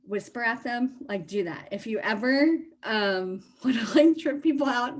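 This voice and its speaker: Chatty woman coach on a video call, kinda high voice, giggly and upbeat. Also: moderate pace, hardly any pauses. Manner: bubbly, playful, laughs often. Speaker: life coach.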